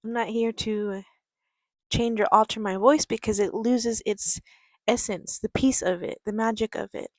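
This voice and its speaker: A woman life coach giving a reflective motivational talk in a gentle, calm, quiet and patient way. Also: a little high, no echo. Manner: unhurried, patient delivery. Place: outdoors near a creek.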